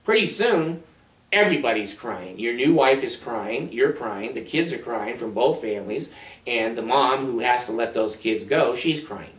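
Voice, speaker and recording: A man's voice: mid-range voice, animated, moderate pace. A man counselor talking to camera in a casual monologue, blunt, sardonic and rambling. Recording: roomy sound from a distant mic.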